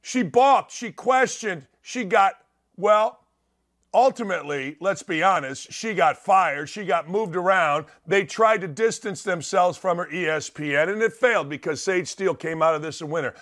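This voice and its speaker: A middle-aged man rails through a sports talk monologue. His voice sits high for a man, and he hammers his points with rhetorical questions. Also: moderate pace, a bit bright. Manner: emphatic, punchy delivery with rhetorical questions. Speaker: talk show host.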